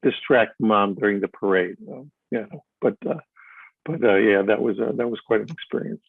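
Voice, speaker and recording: A husky, breathy-voiced older man rambles through stories in a live interview, restarting his sentences and stacking up fillers. The sound is tinny and phone-like, and dry, with no room echo. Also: fairly low pitch, normal speed. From Chicago. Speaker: actor being interviewed. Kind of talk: live stage interview, storytelling.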